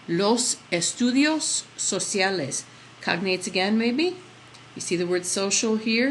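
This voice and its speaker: A woman's voice: fairly low pitch, a little hiss or hum, low-quality recording. Patient woman teaching a slide lesson. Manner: patient, explains step by step, asks the class questions. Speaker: Spanish teacher. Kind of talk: classroom lesson over slides.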